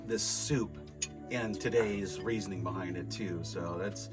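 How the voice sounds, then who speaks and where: A man's voice: sits low, a little slow, over music. A man co-hosting a casual comedic chat show, easygoing and agreeable, who says "like" a lot. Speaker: podcast co-host.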